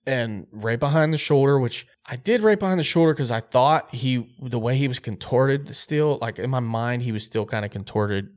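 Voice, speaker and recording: A man co-hosting a podcast, telling a hunting story in an animated, excitable way. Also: medium pitch, moderate pace, hardly any pauses. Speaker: podcast co-host.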